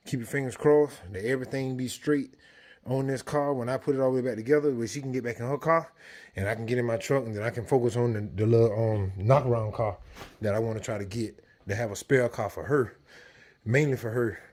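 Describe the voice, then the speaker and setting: Speaking briskly at a medium pitch, a DIY mechanic gives relaxed, step-by-step instructions for a car repair from his garage. His intonation stays fairly even, and his tone is a little mellow.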